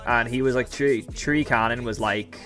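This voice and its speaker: A man's voice: medium pitch, steady tone, normal speed, a bit bright, faint music behind. A young Irish man hosting a live stream, chatting casually and rambling as he answers viewers' comments. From Ireland. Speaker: livestream host.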